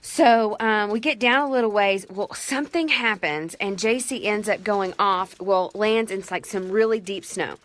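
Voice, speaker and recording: A woman and mother telling a family story to the camera in a casual, animated, self-mocking way. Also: medium pitch, moderate pace, hardly any pauses.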